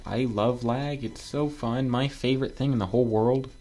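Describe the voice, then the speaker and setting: A man playing a platform game and commenting as he goes, excitable and joking, yelping when something surprises him. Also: medium pitch, normal speed, hardly any pauses. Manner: excitable, talks to himself, yelps when surprised; joking asides to viewers. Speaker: gaming video creator. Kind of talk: casual let's-play commentary.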